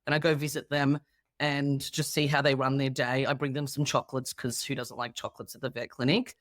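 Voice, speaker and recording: An Australian woman in her thirties, a guest comedian in a relaxed interview, tells stories with animation and acts out the people she quotes. Her voice is deep and bass, level in tone, and brisk. The recording is clean studio sound with no room echo.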